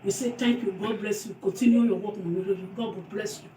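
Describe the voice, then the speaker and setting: A woman with a Nigerian accent, warmly pouring out repeated birthday blessings in a casual vlog. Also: medium pitch, steady tone, quick pace. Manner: effusive, repetitive blessings, mixes pidgin with local language. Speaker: food channel vlogger. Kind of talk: casual birthday greeting to camera. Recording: roomy and distant from the mic.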